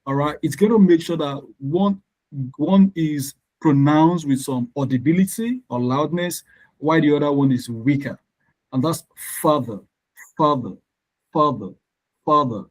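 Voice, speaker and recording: A man's voice: fairly high pitch, dark tone, poor audio. Man teaching English online. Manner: explains slowly, repeats words for emphasis. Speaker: English tutor. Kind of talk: live online lesson.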